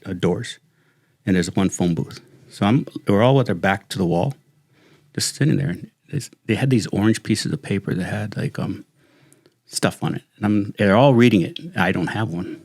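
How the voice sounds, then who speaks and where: A middle-aged man, a retired sheriff's lieutenant, telling stories in a casual, animated way and saying "dude" often. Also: low-pitched, dry recording, studio quality. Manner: animated, slangy, says "dude" constantly. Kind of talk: casual storytelling chat.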